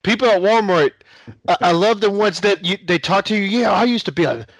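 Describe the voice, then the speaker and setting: A man's voice: high voice, fairly quick, no room sound, rough recording. A man in a casual chat who chimes in with mocking remarks and laughs at the others.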